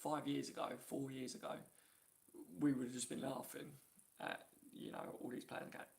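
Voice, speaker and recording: Male stream host, chatty and laughing, gravelly edge, phone mic, reads chat out loud. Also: medium pitch, level tone, moderate pace. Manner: chatty, reads viewer comments aloud, laughs often. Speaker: YouTube live-stream host. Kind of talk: casual live-stream chat.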